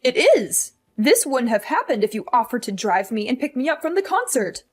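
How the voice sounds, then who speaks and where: A woman's voice: on the high side, big pitch swings, moderate pace, husky. A woman voicing a demanding, guilt-tripping older mother in a hospital bed, in a scripted story drama, with a scolding, condescending manner. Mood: blaming. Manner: scolding, condescending, self-pitying.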